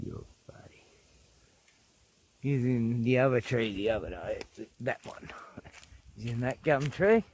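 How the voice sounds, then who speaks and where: A man's voice: medium pitch, measured pace, a little mellow, a little hiss or hum. An Australian man filming wildlife outdoors, chatting and coaxing the animals in a casual way. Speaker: wildlife vlogger. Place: outdoors in bushland.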